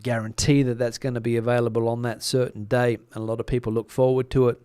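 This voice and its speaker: A man's voice: medium pitch, little pitch movement, quick pace, mellow, clean tone, no room sound. A middle-aged man with an Australian accent, casually chatting on a live stream, rambling with plenty of fillers and restarts. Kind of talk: casual live-stream chat reading comments.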